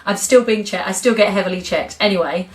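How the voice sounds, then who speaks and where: A woman's voice: medium pitch, a little fast. A middle-aged woman talking frankly and expressively as an interview guest. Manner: frank, expressive, animated storyteller. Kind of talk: candid interview conversation.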